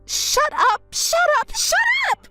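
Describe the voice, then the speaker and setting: A woman voicing a spoiled, entitled young woman in a texting story, whiny and quick to throw tantrums. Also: very high-pitched, very animated, a bit bright, faint music behind, voice pushed up, exaggerated voice. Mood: whiny frantic.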